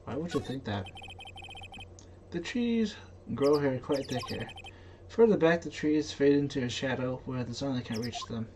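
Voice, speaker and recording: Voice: mid-range voice, expressive, normal speed, background noise. A game dubber reading a game's text aloud with chatty, playful asides.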